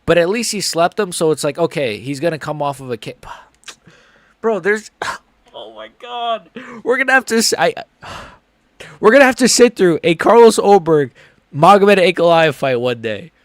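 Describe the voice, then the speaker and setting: A man's voice: high-pitched, lively intonation, measured pace, no echo. A man giving live reaction commentary on a fight, rambling and swearing, with his feelings swinging back and forth. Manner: profane, rambling, emotionally swinging.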